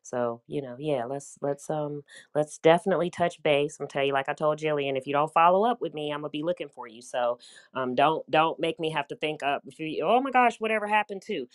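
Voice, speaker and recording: Low-voiced woman with a light Southern drawl. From United States. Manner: chatty, upbeat, warm with listeners, loose run-on talk. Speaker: host, business coach. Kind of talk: casual live audio chat.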